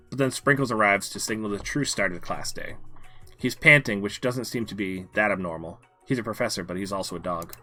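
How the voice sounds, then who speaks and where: A man streaming a dating game, reading its narration aloud in a playful, lively way. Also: on the low side, fairly quick, soft background music.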